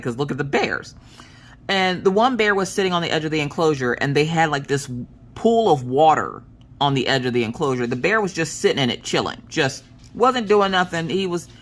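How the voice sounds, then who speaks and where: Woman vlogger, casual rambling storyteller, bright tense tone, acts out quotes. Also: very deep voice. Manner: rambling, chatty, full of "like" and restarts; animated, acts out quotes in voices. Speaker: crafting vlogger.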